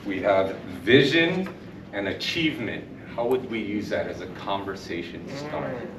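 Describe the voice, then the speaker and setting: A man's voice: fairly low pitch, expressive, normal speed. A man hosting a club session in an upbeat way, joking with the audience between speakers. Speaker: table topics master. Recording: echoey room, mic far off, loud background noise.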